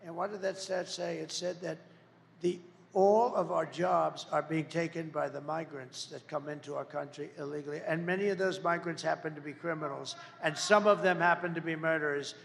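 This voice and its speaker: A man's voice: a little high, fairly even intonation, moderate pace, gravelly, fairly bright tone, in a large hall. A man giving a rambling, repetitive rally speech as a political candidate, jabbing with insults and asides. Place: large campaign event venue.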